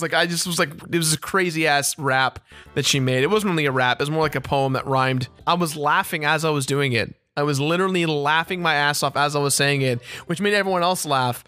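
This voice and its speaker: A man's voice: a little high, fairly quick, sharp tone, soft background music. A man in his twenties, a let's play host, casually telling a story with lots of laughing and swearing. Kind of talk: casual storytelling over gameplay.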